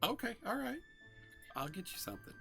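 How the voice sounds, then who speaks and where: A man's voice: high voice, very animated, creaky, bright, forceful tone, soft background music, pitched above the performer's own voice, heavily acted. A game master voicing a chatty, motherly older female innkeeper who fumbles over her words. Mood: hospitable. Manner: fumbling, friendly, quick to laugh. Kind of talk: narrating a tabletop game.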